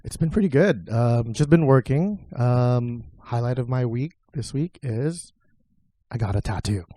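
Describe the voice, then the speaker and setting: A man's voice: medium pitch, expressive, a little slow, mellow, no room sound. A man in his twenties, a guest on a podcast, chatting in an easygoing, joking way. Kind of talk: casual chat.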